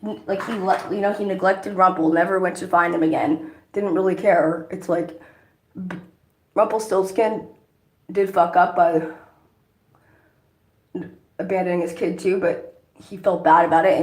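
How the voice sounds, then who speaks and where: Woman vlogger with a low, gravelly voice who rambles and swears a lot while doing makeup, recorded in an echoey room. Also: steady tone, moderate pace, long pauses, a little mellow. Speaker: vlogger, songwriter.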